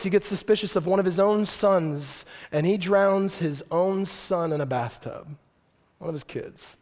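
Male preacher, fairly high voice, animated storyteller who jokes with the crowd. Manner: lively storytelling with joking asides. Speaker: pastor. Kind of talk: sermon.

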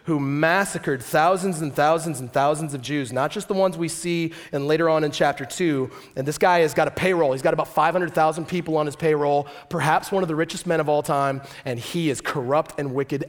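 A male pastor preaching a sermon, telling the story lively with joking asides to the congregation. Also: fairly high pitch.

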